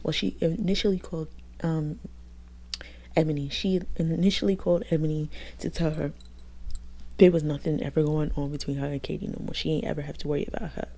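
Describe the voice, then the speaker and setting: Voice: medium pitch, fairly even intonation, fairly quick, mellow. A book reviewer giving a casual, gossipy, profane recap of a novel's plot, talking straight to viewers.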